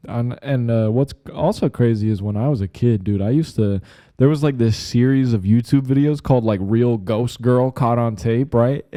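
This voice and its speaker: Young man, podcast host, rambling and profane, mellow dark voice, dry room. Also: medium pitch, normal speed, no room sound. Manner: rambling and profane, heavy on fillers like "like". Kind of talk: casual solo podcast chat. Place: room at home.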